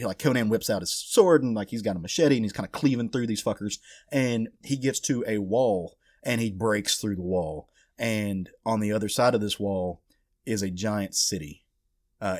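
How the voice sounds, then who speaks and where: A fairly low-pitched male voice at normal speed comes through studio-clean with no echo. This co-host of a casual comic book podcast retells a comic story animatedly, swearing and acting out the characters.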